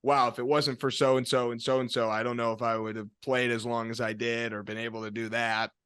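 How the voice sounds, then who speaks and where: A man's voice: mid-range voice, level tone, fairly bright tone, clean tone, no room sound. Guy hosting a podcast, asks long wandering questions, dry close sound. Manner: measured, long rambling questions. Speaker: podcast host.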